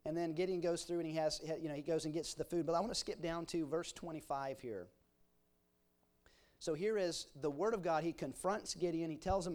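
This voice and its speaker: Folksy preacher man with a fairly high voice. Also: a little fast, darkish tone. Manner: folksy, explains scripture with homely examples; reads scripture aloud in King James wording. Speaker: pastor. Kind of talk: expository sermon.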